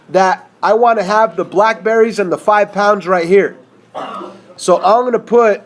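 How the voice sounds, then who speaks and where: High-voiced man teaching math. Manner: conversational, checks in with students. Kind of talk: whiteboard math lesson.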